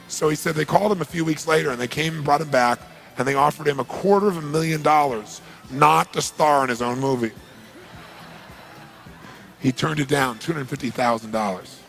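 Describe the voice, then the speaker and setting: A man with a slightly high, gravelly voice gives a motivational talk as a story. He speaks with animation and stresses his points with rhetorical questions. Soft music plays behind him. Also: brisk. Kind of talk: storytelling speech.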